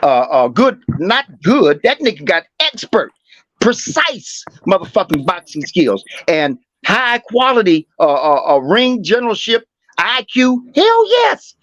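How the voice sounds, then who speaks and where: Profane boxing co-host, rambling with fillers, lively pitch, dry slightly muffled mic. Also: male voice, unhurried, dry recording. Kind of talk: heated casual boxing talk. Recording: dry, slightly dull sound.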